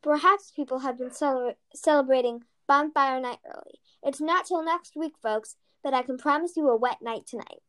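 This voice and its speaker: A woman's voice: sits high, moderate pace, few pauses, a bit bright. A woman voicing a chatty, folksy TV weatherman in a storybook reading.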